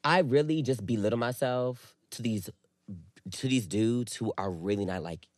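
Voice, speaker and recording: A man's voice: mid-range voice, normal speed, no room sound, studio quality. A man co-hosting a podcast in casual chat, candid and profane, retelling things dramatically. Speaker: podcast co-host.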